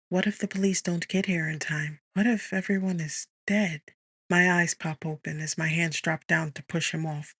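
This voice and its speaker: A woman reading a first-person romance audiobook in a hushed, intimate, tense voice on a close studio mic. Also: low-pitched, breathy edge, no room sound. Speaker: audiobook narrator. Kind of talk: first-person scripted narration.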